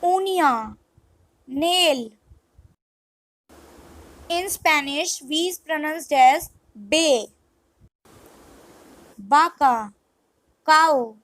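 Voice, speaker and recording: A woman with a high, light voice reads vocabulary one word at a time. Her delivery is extremely slow and deliberate, pausing between each term like a scripted drill. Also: animated, a bit bright, dry recording, low-quality recording. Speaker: language tutor.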